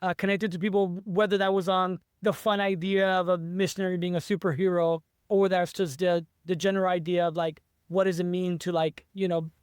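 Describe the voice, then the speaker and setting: A man's voice: sits high, flat delivery, a little fast, hardly any pauses, darkish tone, clear, resonant tone, dry recording, clean studio sound. A man, an author being interviewed, talking in an eager, rambling way with many restarts. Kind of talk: casual interview chat.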